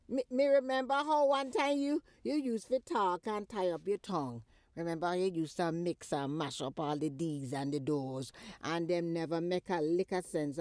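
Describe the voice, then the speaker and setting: A woman voicing a sharp-tongued older Jamaican mother who scolds and teases her grown daughter in a comedy skit. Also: on the low side, dry recording, close to an everyday voice. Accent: Jamaican patois. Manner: teasing, scolding, big swoops and cackles.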